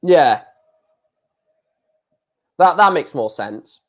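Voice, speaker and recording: A man's voice: on the high side, animated, very slow. A man, casually chatting on a live darts stream, reading out viewer comments in a blunt, frequently swearing way.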